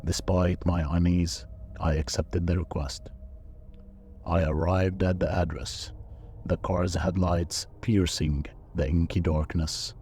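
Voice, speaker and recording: A man reading a scripted first-person horror story in a slow, measured, even delivery. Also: sits low, slight background noise. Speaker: narrator.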